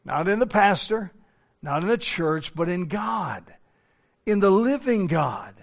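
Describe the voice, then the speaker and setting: Male preacher, high voice, emphatic sermon delivery with restarts. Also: big pitch swings, measured pace, creaky.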